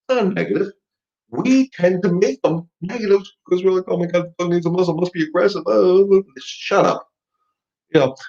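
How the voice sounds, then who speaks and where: A man's voice: medium pitch, a little mellow, breathy edge, highs cut off. A middle-aged man hosting a live dog-training Q&A, talking casually and emphatically, repeating his points as he coaches. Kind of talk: casual live-stream talk.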